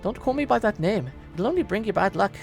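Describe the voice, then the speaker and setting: A man doing a gruff old blacksmith grandpa. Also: high-pitched, expressive, fast talker, soft background music, voice pushed up. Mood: urgent. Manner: brusque, urgent, scolding.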